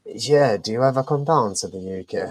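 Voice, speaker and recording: A laid-back man chats casually in slang, often agreeing with the others. His voice is of middling pitch and sounds relaxed and ordinary. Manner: laid-back, slangy, quick to laugh along. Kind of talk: casual chat.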